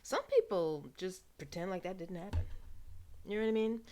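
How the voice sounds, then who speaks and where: A woman from New York talking casually to camera, chatty and wry, slipping into soft asides. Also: medium pitch, moderate pace. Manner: chatty, wry, drifts into soft asides and playful put-on voices. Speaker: vlogger.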